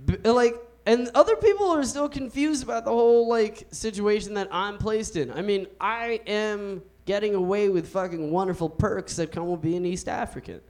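A young man with a notably high speaking voice works a comedy club stage, talking into a handheld mic. His delivery is loose and laid-back, stretching out the punchlines of a stand-up set. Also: normal speed, hardly any pauses, a little mellow. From United States.

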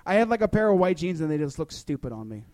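Brief: young male comedian, high voice, playful and a bit hesitant. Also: big pitch swings, fast, darkish tone. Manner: playful, hesitant with many fillers. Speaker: stand-up comedian. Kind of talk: comedy bit then casual interview chat.

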